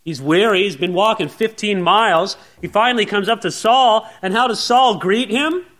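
High-voiced male preacher giving an earnest sermon. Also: moderate pace, fairly bright tone. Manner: earnest, addresses listeners as friends, rhetorical questions. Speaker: pastor.

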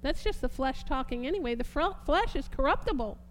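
High-voiced fervent woman preacher. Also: lively intonation, a little fast, slight background noise. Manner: fervent, repeats phrases, shifts between soft and emphatic. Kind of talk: sermon.

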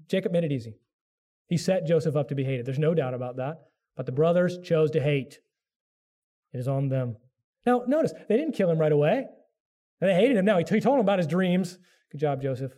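Earnest preaching man, warm low tone. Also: animated, fairly quick, long pauses. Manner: earnest preaching, voices biblical figures with rising pitch. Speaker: pastor. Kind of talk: sermon.

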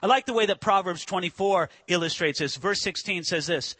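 High-voiced, bright-toned preaching man. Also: a little fast, slightly rough, dry recording. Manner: earnest, asks rhetorical questions. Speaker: pastor. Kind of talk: sermon.

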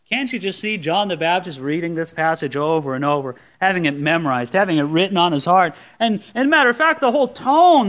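A pastor with a very high, slightly bright voice preaches a sermon, working through a Bible passage verse by verse and addressing the congregation with conversational asides.

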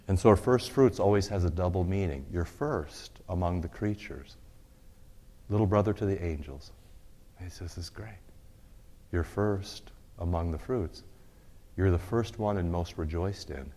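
A very deep-voiced man preaches a sermon, earnest and exhorting, with quick asides. He repeats a prayer slowly, his voice dropping away at the ends of lines. His voice rings with the long reverb of a large church hall. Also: mellow.

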